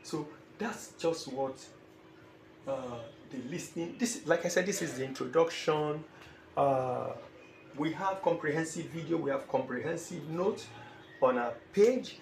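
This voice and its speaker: A man's voice: a little high, unhurried, vocal fry. A man teaching an exam-preparation lesson. He speaks emphatically and repeats phrases, sometimes acting out short dialogues. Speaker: IELTS teacher. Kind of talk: classroom-style lecture. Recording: echoey room with faint ambient noise.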